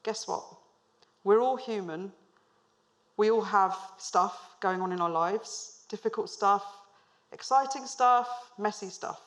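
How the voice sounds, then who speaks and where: A woman's voice: medium pitch, takes it slowly. A woman in her thirties, a managing director, giving a storytelling business talk on stage to a live audience, asking them questions with light humor.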